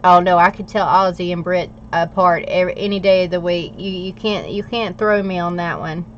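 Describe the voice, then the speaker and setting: Speaking briskly in a lowish voice with fairly even intonation, an American woman chats with live viewers on her planner stream, laughing a lot as she works. The lo-fi audio carries a little hiss or hum.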